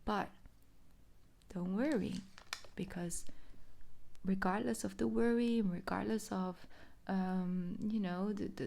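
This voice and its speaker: A woman's voice: mid-range voice, creaky, darkish tone. A woman giving a casual tarot reading, chatty and rambling, often laughing as she talks. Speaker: tarot reader.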